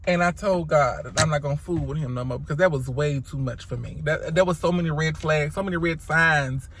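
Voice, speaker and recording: With a low-sitting voice and a fairly quick pace, this storytime vlogger shares a dramatic story on camera, sassy and full of profanity, calling her audience honey and child. Background noise is audible.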